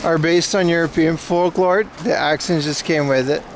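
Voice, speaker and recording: A man's voice: fairly high pitch, steady tone, normal speed, background noise. A man in his thirties from Boston, chatting loosely with his livestream viewers in a rambling, jokey way. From Boston, USA. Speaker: IRL livestreamer. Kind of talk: casual chat with stream viewers. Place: outdoors in Japan.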